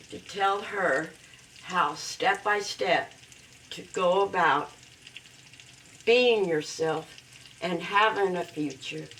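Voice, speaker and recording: A woman hosting a home cooking video, talking through her recipe in a slow, heartfelt way and breaking into loud whooping cheers. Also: on the low side, recorded from a distance, a little hiss or hum, rough recording. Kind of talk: casual cooking demonstration. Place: home kitchen with food frying.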